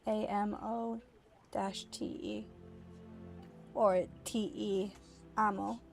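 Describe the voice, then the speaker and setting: A woman's voice: mid-range voice, little pitch movement, very slow, vocal fry, faint music behind. A woman from the United States casually chatting while streaming a game, explaining words to her chat at an easy pace. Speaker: streamer and mother.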